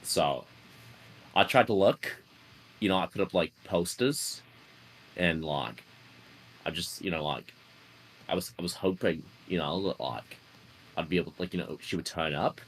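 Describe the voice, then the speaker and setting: A man's voice: deep voice, measured pace, pauses often, fairly bright tone, slight background noise. A man with a put-on Australian accent telling his character's backstory in a tabletop roleplay, rambling with lots of fillers. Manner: rambling, full of fillers and "mate". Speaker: tabletop player.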